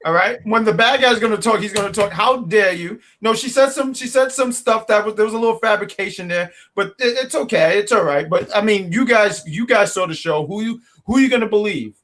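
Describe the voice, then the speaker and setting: This co-host of a laid-back wrestling review show talks briskly in a high, slightly bright voice with few pauses, recording on a home mic. Playing the bad guy for laughs, he trash-talks in good fun during the casual review chat.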